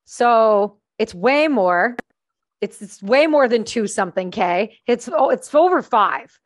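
A woman's voice: on the high side, expressive, takes it slowly, no echo. A woman from Canada chatting casually as a guest, blunt, swearing and ranting playfully. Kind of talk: casual chat.

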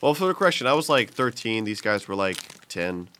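A young American man, a podcast co-host, telling stories in casual chat with halting restarts. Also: on the low side, very animated, a bit bright, slight background noise. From United States. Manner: rambling storyteller with halting restarts.

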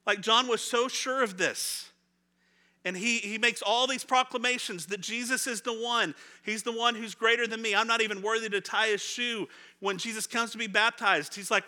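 Bright-voiced pastor preaching conversationally. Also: male voice, sits high, moderate pace. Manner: conversational, animated, acts out voices of people in the story; laughs often, repeats words when restarting. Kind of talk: sermon.

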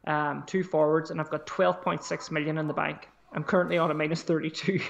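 This man's voice sits on the high side, gravelly and brisk, with little change in pitch, and there's a faint hiss or hum underneath. He co-hosts a laid-back fantasy football podcast, swearing liberally while thinking aloud about which players to pick.

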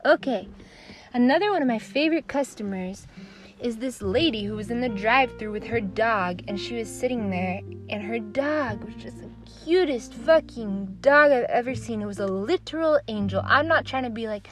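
A young adult woman hosting a podcast, telling customer stories in a profane, exasperated, animated rant. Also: a little high, normal speed, soft background music. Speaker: podcast host. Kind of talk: casual comedic rant.

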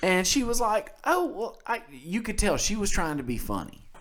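A man's voice: high voice, sing-song, moderate pace, fairly bright tone. A man from South Mississippi co-hosting a casual podcast, telling a story with a voice that rises and falls a lot. He laughs often and keeps his delivery loose and chatty. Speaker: podcast co-host.

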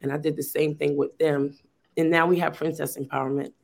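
Woman teacher on a video call, kinda gravelly, pretty monotone, rambles earnestly with lots of you know. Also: deep voice, fairly quick. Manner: earnest, rambling with many fillers and restarts. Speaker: teacher and youth program founder. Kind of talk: casual conversational sharing.

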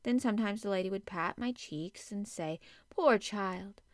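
A woman's voice: mid-range voice, measured pace, dry recording, natural voice. Woman reading as a sulky invalid boy, brooding, petulant, dry close sound. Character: sickly, sulky young boy. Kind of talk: audiobook character voice.

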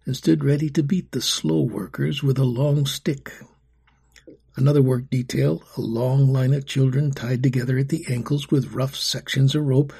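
A man narrating a storybook in a grave, steady telling. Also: mid-range voice, vocal fry, husky.

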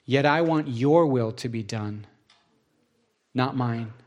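A man voicing Jesus as a calm grown man, earnest and measured, in a Bible reading. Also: medium pitch, natural voice. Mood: solemn.

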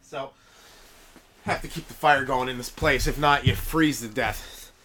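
A man hosting a comedy podcast, riffing in a rambling monologue and chuckling at his own jokes, in a cold room kept warm by a wood fire. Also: mid-range voice, measured pace, a little hiss or hum.

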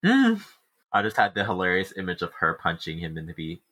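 A man co-hosting a casual book-club podcast, animatedly retelling chapters with quick restarts. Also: sits low, wildly swooping pitch, a bit bright, breathy edge. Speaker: podcast co-host.

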